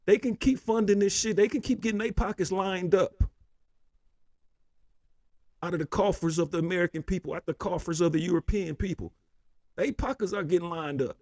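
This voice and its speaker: A man's voice: sits high, fairly quick, long pauses, darkish tone, no echo. A man hosting a political commentary show, ranting heatedly with constant profanity and repeated "man".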